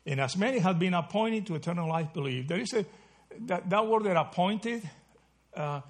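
A man leads a Bible study in a relaxed sermon style. His voice sits a little high and has a husky edge. He talks conversationally, restarting phrases and tagging lines with quick checks to his listeners. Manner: conversational, checks in with "okay?" and "right?"; self-correcting, restarts mid-phrase. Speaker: Bible teacher.

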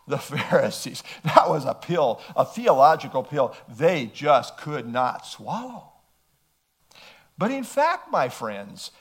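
A man preaching a sermon, emphatic and throwing rhetorical questions at his listeners. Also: sits high.

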